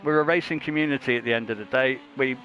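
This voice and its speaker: A man's voice: medium pitch, fast, dull audio, a little hiss or hum. A man doing casual, jokey race commentary with crude banter and frequent laughter.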